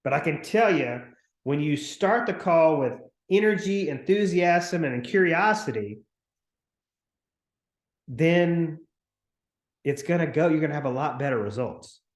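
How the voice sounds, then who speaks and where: A man coaching real estate agents on a video call, talking in an energetic, chatty way and acting out upbeat phone calls. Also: fairly high pitch, a little slow, long pauses, roomy sound. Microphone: computer mic on a video call.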